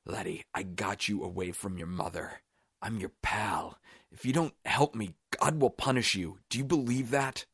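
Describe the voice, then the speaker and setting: A man reading a wounded Scottish thief who is dying and begs weakly and slowly for his life. The voice is very deep and the recording is dry and close. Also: vocal fry, a bit bright, husky, no room sound, exaggerated voice. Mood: coaxing. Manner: weak, pleading, slow.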